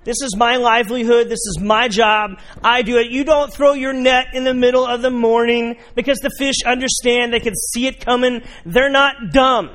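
A man putting on a worn-out, stubborn fisherman who has been up all night, pushing his voice up high and loud. He lectures with indignant emphasis, sure he knows his job best. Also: fairly even intonation, normal speed, few pauses. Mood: exasperated. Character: exasperated weary male fisherman, adult, stubborn.

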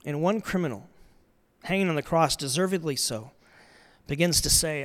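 Earnest male preacher, slightly higher voice. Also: normal speed, long pauses. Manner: earnest storytelling, rising to loud emphasis then dropping soft. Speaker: pastor. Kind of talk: sermon.

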